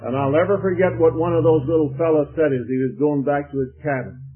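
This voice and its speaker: A man preaching a sermon, telling a vivid story that builds to excited shouts and drops back down. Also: a little high, fast talker, faint music behind. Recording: tinny lo-fi sermon recording.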